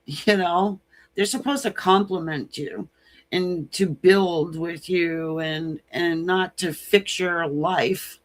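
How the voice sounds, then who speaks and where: A woman's voice: on the low side, fairly even intonation, slow pace. A woman giving a live-streamed tarot reading, chatty and frank, often laughing between points. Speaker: tarot reader. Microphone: computer mic on a live stream.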